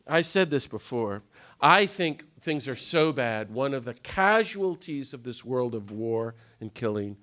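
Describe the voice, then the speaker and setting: A man's voice: medium pitch, a bit bright. A man giving an impassioned talk to a live audience, often jumping into the voices of the people he quotes. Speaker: speaker on nonviolence. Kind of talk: animated lecture to a live audience. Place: conference hall.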